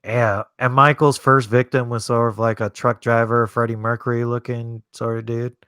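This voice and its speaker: A man chats through a live movie stream in a loose, rambling way, dropping curses as he answers his viewers. His voice sits at a middle pitch. The sound is close and dry, with no room around it. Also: flat delivery, moderate pace, bright, forceful tone, smooth, dry recording. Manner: rambling, profane, reads chat aloud. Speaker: streamer hosting a movie watch-along. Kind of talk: casual live-stream chat.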